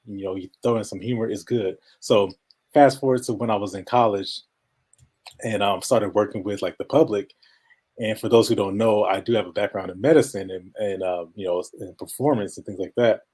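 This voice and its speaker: Man, nasal voice, slightly low pitch, fast talker, mumbles a bit, laughs often, casual interview guest. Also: fairly even intonation, a little mellow, slightly rough. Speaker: podcast guest.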